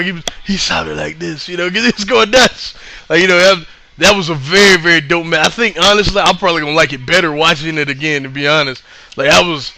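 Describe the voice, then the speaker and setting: A man casually recapping a live show he attended, rambling and excitable with lots of fillers. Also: a little high.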